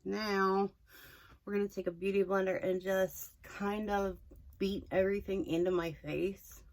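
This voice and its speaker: A young woman chatting through a makeup tutorial, rambling and self-deprecating, a little hoarse. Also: mid-range voice, level tone, a little slow. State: slightly hoarse, losing her voice. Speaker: makeup vlogger.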